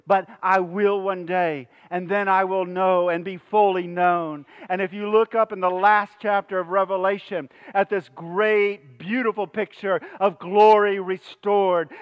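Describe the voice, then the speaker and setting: A man's voice: sits high, smooth, highs cut off. A man preaching a sermon to a congregation, passionate and rhythmic, leading them in call-and-response repetition. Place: church hall with congregation.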